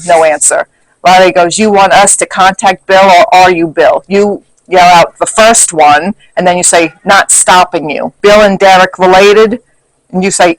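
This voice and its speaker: A man with a high, light voice reads back his notes from a ghost hunt, quoting each question and answer in turn. The sound is close and dry, with no room around it. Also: dry recording, low-quality recording. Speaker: paranormal investigator. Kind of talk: casual recap of an investigation.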